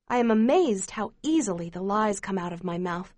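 A woman giving steady, measured first-person narration of a memoir as an audiobook reader. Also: mid-range voice, no echo, clean studio sound.

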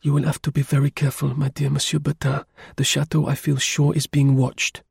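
A man's voice: on the high side, completely flat delivery, brisk, creaky, a little mellow, slightly rough, no room sound, studio quality, pitched above the performer's own voice, full character voice. A man voicing an anxious aristocratic widow, a countess, pleading and earnest in a raised voice. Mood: urgent.

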